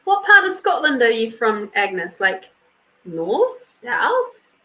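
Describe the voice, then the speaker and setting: A woman's voice: on the high side, wildly swooping pitch, slow, bright, forceful tone, low-quality recording. A woman hosting a casual live card reading, chatting with viewers by name and reading card texts aloud. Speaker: host and intuitive card reader.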